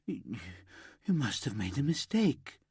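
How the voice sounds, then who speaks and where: A man voicing an anxious young office worker with a high, light, slightly camp voice who stammers in shock. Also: very animated, unhurried, darkish tone, slightly rough, no echo, studio quality, heavily acted. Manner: shaken, stammering, disbelieving. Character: male young man, anxious, eager to please.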